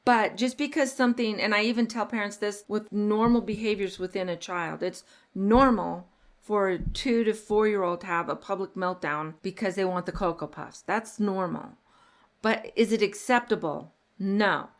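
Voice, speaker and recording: A woman's voice: medium pitch, normal speed. Earnest woman hosting a parenting podcast. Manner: earnest, animated when telling stories. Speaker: podcast host. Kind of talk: casual parenting podcast chat.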